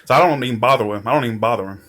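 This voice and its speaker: A man's voice: medium pitch, very fast, a bit bright, a little hiss or hum. A man rambling through viewers' comments in a casual live chat, laughing often and restarting his sentences. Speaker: tarot reader answering viewer comments.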